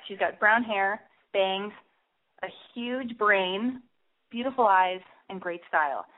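Brash lisping woman on a tinny line. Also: medium pitch. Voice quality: lisp. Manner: brash, profane, rambling and energetic. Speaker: advice show host. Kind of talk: call-in advice show monologue. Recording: tinny phone-like sound.

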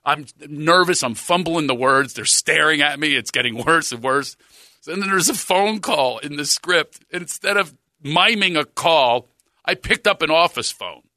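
A man's voice: fairly high pitch, animated, moderate pace, pushed and bright, no echo, clean studio sound. A middle-aged man telling a comic story in casual chat, stammering and laughing as he acts out the people in it. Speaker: comedian telling a story on a talk show. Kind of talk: animated anecdote, casual chat.

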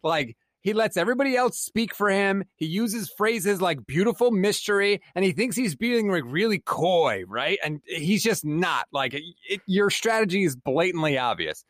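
A man's voice: sits high, expressive, normal speed, hardly any pauses, fairly bright tone, no room sound, clean studio sound. A man co-hosting a sports podcast, ranting in exasperation and swearing freely. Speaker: podcast co-host. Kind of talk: heated sports podcast rant.

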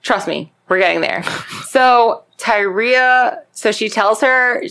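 A woman hosting a podcast, casually retelling a true crime story with lots of swearing and animated acted-out quotes. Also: fairly high pitch, slow pace, clear, resonant tone. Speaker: podcast host.

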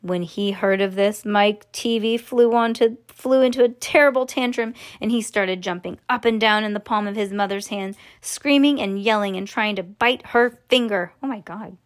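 A woman reading a children's book aloud in an animated way, with joking asides. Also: mid-range voice, moderate pace, few pauses. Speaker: reader.

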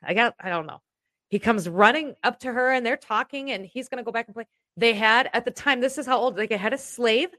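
Woman podcast cohost rambling thru a story, kinda high voice, super dry close sound. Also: a little fast, bright, forceful tone, dry recording. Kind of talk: casual chat.

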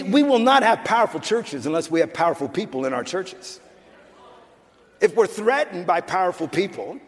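An older man pastor preaching a sermon in an emphatic, conversational way, with restarts and asides. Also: extremely high pitch. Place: church sanctuary. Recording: church hall with long reverb.

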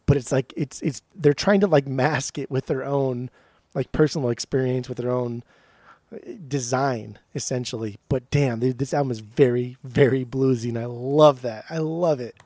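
A man's voice: medium pitch, normal speed, no echo. A man co-hosting a podcast in loose, profane chat, teasing his friends and telling stories with lots of energy. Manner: profane, teasing, animated storyteller. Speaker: podcast co-host. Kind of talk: casual chat.

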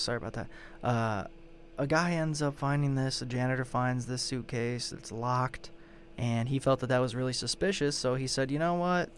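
A man hosting a show, giving a casual, rambling recap of a true-crime story and swearing in exasperation as he goes. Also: mid-range voice. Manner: profane, exasperated, rambling retelling. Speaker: show host.

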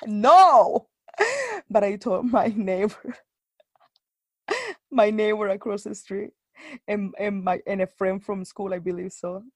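A woman's voice: mid-range voice, measured pace, long pauses, no echo. Chatty woman with dry close sound. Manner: animated storytelling, many fillers and restarts. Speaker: guest. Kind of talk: casual chat.

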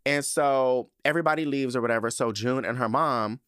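A man in his thirties hosting a podcast, chatting casually with a gushing, profane, animated manner. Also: mid-range voice, fairly quick, smooth, no room sound, clean studio sound. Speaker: podcast host. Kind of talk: casual chat.

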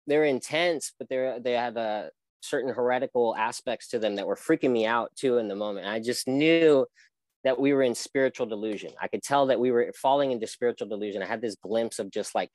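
A young interview guest tells his own story with sincerity, rambling and restarting frequently. He speaks fairly quickly in a mid-range, darkish voice, and the recording is echo-free but poor in quality.

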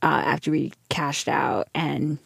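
A woman's voice: low voice, fairly even intonation, slow, gravelly, husky, no room sound, studio quality. A pregnant young woman co-hosting a podcast, telling a story in casual chat and acting out her toddler's lines. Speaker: podcast co-host.

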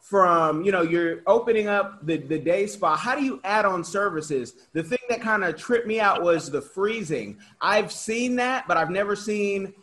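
Male interview host, high voice, chatty, animated, stumbles and restarts, casual. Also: normal speed, few pauses. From Oakland, California. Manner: talkative, animated, frequent restarts. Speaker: podcast host.

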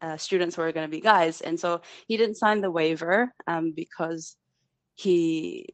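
A woman's voice: on the low side, steady tone, a little slow, no echo. A woman in her twenties with a New Zealand accent, calling in to a podcast, hesitant with frequent ums and nervous laughs. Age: 20s. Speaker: caller. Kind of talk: phone-in call to a podcast.

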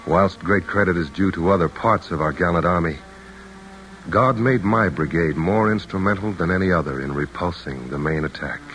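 An actor playing a stern, devout general who gives clipped commands in a radio play. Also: male voice, deep voice, normal speed, a bit bright, soft background music, rough recording. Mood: solemn. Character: stern devout male general, terse and exacting. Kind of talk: 1940s radio acting.

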